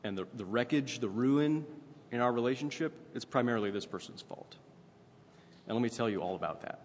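A man's voice: medium pitch, lively intonation, fairly quick. A man preaching a sermon in a conversational way, often checking in with "right?" as he goes. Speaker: pastor. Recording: long reverb, faint ambient noise.

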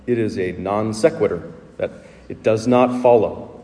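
A man's voice: fairly low pitch, measured pace, mellow, in a large hall. A man preaching a sermon as pastor, explaining the text in a conversational teaching way and posing rhetorical questions. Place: church sanctuary.

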